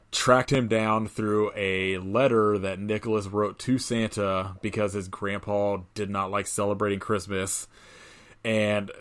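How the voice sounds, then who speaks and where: A man co-hosting a podcast, recapping a film in casual chat, laughing often and swearing freely. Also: on the low side. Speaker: podcast co-host.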